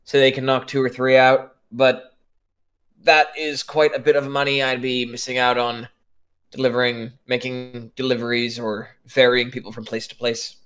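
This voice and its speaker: A man's voice: mid-range voice, level tone, fairly bright tone, clean tone. A man playing a tabletop role-playing game, speaking in character with many fillers and restarts. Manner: halting, full of fillers and restarts. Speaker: player.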